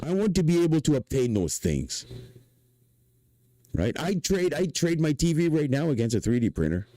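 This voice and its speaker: Québécois guy streaming from home: dark, mellow voice, excitable rambling, swears a lot, dry sound. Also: fairly high pitch, normal speed, no echo, low-quality recording. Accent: Québécois French. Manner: rambling, excitable, profane, repeats himself. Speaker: livestreamer and inventor. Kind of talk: casual livestream rant.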